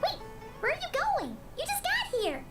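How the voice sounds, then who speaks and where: An actress voicing a tiny, excitable fairy-like female companion in game dialogue who talks about herself by name. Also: very high-pitched, moderate pace, heavily acted. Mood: chirpy. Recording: game audio under loud music.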